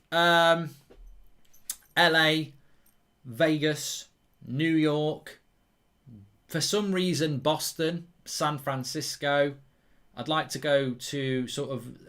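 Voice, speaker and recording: A man hosting a live football watchalong, chatting casually and answering viewer questions in a lively way and swearing freely. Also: mid-range voice. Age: older than 23. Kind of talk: casual chat.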